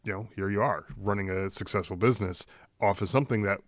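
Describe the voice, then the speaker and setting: A man's voice: lowish voice, steady tone, fast talker, dry recording, studio quality. A man hosting a podcast, reflecting thoughtfully in long winding sentences with repeated words. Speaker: podcast host. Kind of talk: reflective interview chat.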